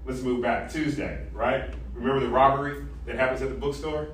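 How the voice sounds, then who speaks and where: A man lecturing an ethics class, animated and interactive, quizzing students and tagging sentences with "right?". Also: medium pitch, a little fast, recorded from a distance, slight background noise. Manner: animated, asks the class questions, frequent "right?". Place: large echoey classroom. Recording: echoey classroom recorded from afar.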